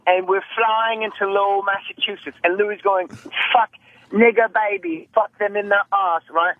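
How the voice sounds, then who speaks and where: A man calling in to a radio show, telling rapid, profane stories and acting out other comedians' lines. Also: high-pitched, fairly even intonation, no echo, phone-quality sound. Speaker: phone-in comedian guest. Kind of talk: animated phone-in storytelling. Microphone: phone line.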